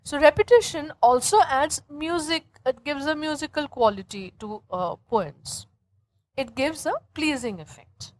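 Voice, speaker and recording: A woman's voice: sits high, lively intonation, a little slow, poor audio. A woman teaching English grammar as a lecture, explaining step by step and often checking in with her students. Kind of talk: classroom lecture.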